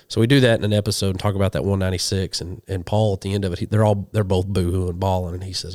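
A man from western Oklahoma, a hunting show guest, telling animated stories in a casual interview and quoting people as he goes. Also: low voice, very fast, hardly any pauses, dry recording, studio quality. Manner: animated storyteller, quotes people in dialogue.

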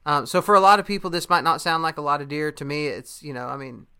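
A man's voice: on the high side, quick pace, bright, forceful tone, smooth. A young man in casual chat, a podcast host telling a story in a laid-back way, with lots of fillers and laughter.

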